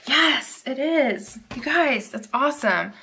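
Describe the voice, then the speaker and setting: Bubbly woman unboxing stickers at her desk, bright crisp voice, gets all excited and chatty. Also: sits high, takes it slowly, slight background noise. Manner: gushing and excitable, chatty asides to viewers. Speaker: planner unboxing vlogger. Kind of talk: casual unboxing chat to viewers.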